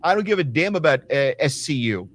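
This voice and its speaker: Sing-song and a little fast, a man's fairly high, somewhat bright voice drives his rants as co-host of a casual wrestling talk show. He swears a lot and acts out quotes.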